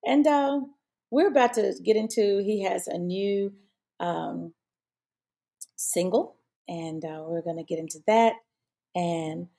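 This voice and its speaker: Lady host rambling on her show, lots of ums, dark mellow tone, kinda gravelly. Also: medium pitch, slow, long pauses. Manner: rambling, with many fillers and restarts. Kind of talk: casual live-show chat.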